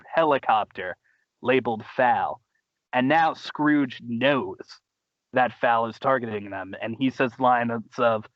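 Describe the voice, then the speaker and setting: A man hosting a podcast, casually recapping a cartoon episode in an animated way, laughing and acting out quotes. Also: no echo, dull audio. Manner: animated, laughing, acts out quotes in high voices. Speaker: podcast host.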